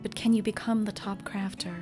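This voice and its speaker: A woman streamer chatting casually over a video game, with quick laughs and whispered asides. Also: medium pitch, flat delivery, over music. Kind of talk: casual gameplay commentary.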